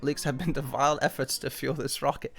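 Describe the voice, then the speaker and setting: A man's voice: medium pitch, steady tone, a little fast, gravelly. Man streamer, ranting news commentary, irritated and sweary, faint music underneath. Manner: irritated, swearing, reads articles aloud with asides.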